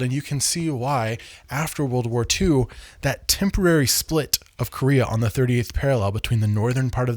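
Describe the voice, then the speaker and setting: A man's voice: mid-range voice, no echo, studio quality. A man giving a casual, conversational history lecture, repeating points for emphasis.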